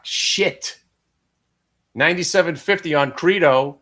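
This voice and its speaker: A man's voice: mid-range voice, expressive, normal speed, pauses often, fairly bright tone. Brash Brooklyn man calling live trades. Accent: Brooklyn New York. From Brooklyn, New York. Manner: brash, profane, joking asides. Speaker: day-trading show host. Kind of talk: live trading commentary.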